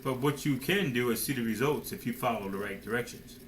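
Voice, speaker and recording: A man's voice: mid-range voice, brisk, slight background noise, rough recording. A man preaching a sermon emphatically, firing rhetorical questions and addressing listeners directly as man and son.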